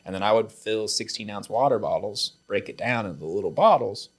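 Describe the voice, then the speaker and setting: A man's voice: fairly low pitch, a little fast. Male podcast host, loose storyteller, laughs through his tales, salty language. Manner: animated, laughing, swears freely. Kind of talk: casual storytelling chat.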